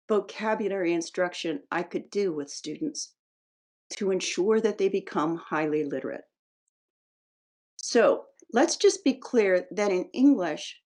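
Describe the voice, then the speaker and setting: A woman with a scratchy voice and occasional coughs, presenting an educational webinar lecture in a measured, explanatory way. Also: medium pitch.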